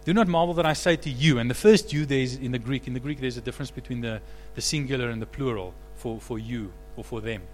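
A man preaching a sermon as pastor, animated, rising to loud emphatic peaks. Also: medium pitch, fast, few pauses, in a large hall, a little hiss or hum.

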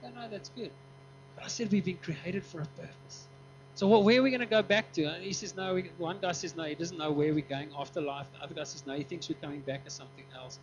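A man preaching a sermon, telling a story with lively acted-out dialogue and frequent laughs. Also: fairly high pitch, racing, hardly any pauses. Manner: animated, acts out quoted dialogue, laughs often. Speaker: pastor. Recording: dull lo-fi recording with mains hum.

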